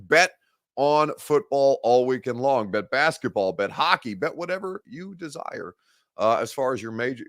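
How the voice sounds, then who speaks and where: Man, sports talk host, mid-pitched voice, dry close sound, casual and joking. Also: a bit bright, no room sound. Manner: conversational, chatty, reads live comments aloud with wry humor. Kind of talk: live-streamed sports talk show. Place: sports studio.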